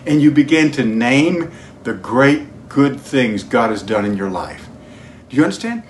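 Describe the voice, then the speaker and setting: A man preaching a sermon, telling stories in a lively way. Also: medium pitch, unhurried, a little hiss or hum. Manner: storytelling, animated, breaks into singing a hymn.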